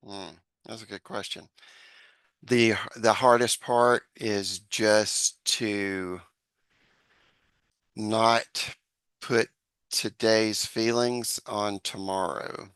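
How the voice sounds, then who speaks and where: A man's voice: on the low side, fairly even intonation, very slow, long pauses, a bit bright, smooth, no room sound. A man speaking as a podcast guest, giving earnest advice with hesitant restarts and acted-out example dialogue. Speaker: podcast guest, social psychologist. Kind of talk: conversational advice in an interview.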